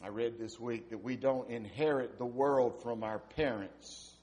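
A man in his fifties preaching a sermon, swinging from hushed, near-whispered lines to loud, emphatic ones. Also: mid-range voice, unhurried. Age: 50s. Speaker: pastor.

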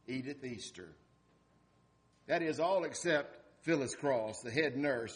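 A man preaching an Easter sermon, telling a story with dramatic swings in loudness. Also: fairly high pitch. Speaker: pastor.

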